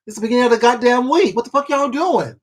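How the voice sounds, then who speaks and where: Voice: mid-range voice, expressive, fast, husky. A livestream host chatting casually to viewers, gossiping with lots of swearing and repeats and calling people baby and sweetheart. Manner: rambling, profane gossip with many repeats and fillers. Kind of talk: casual livestream chat reading viewer comments.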